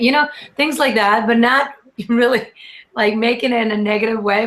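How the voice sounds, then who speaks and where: Rambling woman chatting, halting restarts. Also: fairly high pitch, steady tone, a bit bright. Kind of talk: casual chat.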